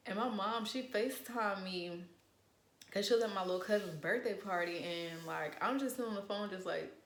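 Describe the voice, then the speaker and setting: A young woman in casual storytime chat, animated and profane, acting out what people said. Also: mid-range voice, moderate pace, roomy sound. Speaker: vlogger.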